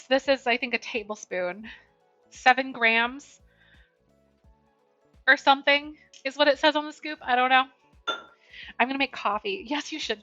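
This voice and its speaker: Baking in her home kitchen, this Twitch streamer keeps up a casual, bubbly chat and calls out viewers by name. She has a high voice that sounds pushed and bright. Faint music plays under slightly dull lo-fi stream audio.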